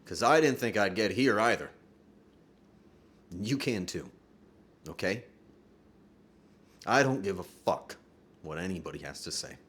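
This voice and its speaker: A man's voice: sits low, animated, a little slow, long pauses, fairly bright tone. A man streaming live and talking to his chat, earnest and profane, joking and laughing often. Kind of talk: livestream talk to chat.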